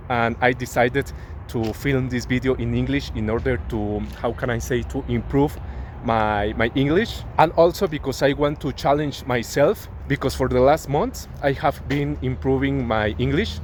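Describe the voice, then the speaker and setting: A Mexican man speaking English as a second language with a Mexican Spanish accent. He vlogs while walking through a city park and along an avenue, earnest and searching for words, recorded on a phone and then a wireless clip-on mic. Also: medium pitch. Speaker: travel vlogger. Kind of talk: walking vlog, learner's English. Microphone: smartphone mic, then a clip-on wireless mic. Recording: phone recording with faint street noise.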